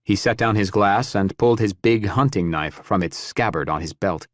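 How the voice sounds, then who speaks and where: A male audiobook narrator with a deep voice reads a script at a moderate pace. The recording is clean studio sound with no room tone.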